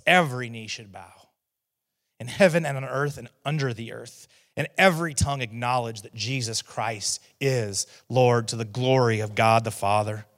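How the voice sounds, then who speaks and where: A man delivering a sermon at a middle pitch, talking easily to the congregation with restarts and little asides. He rises now and then into loud, emphatic proclamations on the key phrases. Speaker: teaching pastor.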